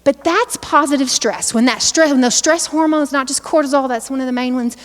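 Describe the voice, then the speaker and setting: Woman, workshop presenter, casual and chatty with the crowd, handheld mic, slightly high voice. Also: brisk, long reverb tail. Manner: chatty, informal, asks the audience questions. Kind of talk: live workshop talk to an audience. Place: room with a live audience. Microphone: handheld microphone.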